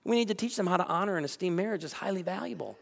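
A man preaching from the pulpit with a fairly high, animated voice, acting out the people in his stories. His sermon rings with the long reverb of a large church hall, and his delivery swings between playful and earnest. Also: rapid-fire, creaky. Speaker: pastor.

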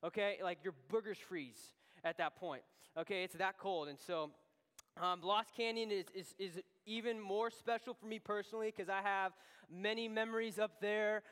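Man, youth pastor, high smooth voice, animated story, many restarts, long hall reverb. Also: moderate pace. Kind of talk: youth group talk. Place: church hall.

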